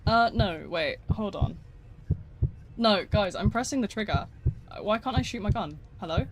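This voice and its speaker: A man's voice: high voice, moderate pace. A man streaming a game live, chatting casually with his chat, swearing and laughing easily as he plays. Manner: casual, excitable, swears and laughs often while reading chat. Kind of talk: live gameplay commentary. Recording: noisy with mouse and key clicks.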